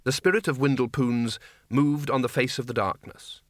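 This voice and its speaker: A man's voice: medium pitch, fairly even intonation, moderate pace, dry recording. A man narrating a comic fantasy audiobook in a dry, wry storytelling manner. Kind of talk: scripted narration.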